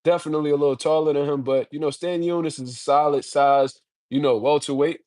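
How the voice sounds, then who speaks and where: Male solo commentator with a slightly high voice. Slangy, profane, heated. Dry close-mic sound. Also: steady tone, fast talker, darkish tone, no room sound. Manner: blunt, slangy, heated ranting. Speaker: boxing commentator.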